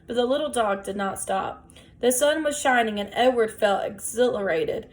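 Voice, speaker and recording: A woman reading a children's novel aloud in a gentle, measured storytelling voice. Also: a little high. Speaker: audiobook reader.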